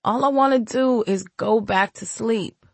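A woman's voice: medium pitch, expressive, normal speed, a bit bright, no room sound, pitched above the performer's own voice. A woman voicing a grief-stricken young woman who is withdrawn, bitter and tearful.

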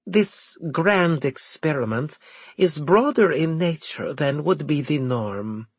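A man's voice: on the high side, lively intonation, slow, slightly rough, no room sound, pitched above the performer's own voice, full character voice. A man voicing an officious female commanding officer giving a formal briefing.

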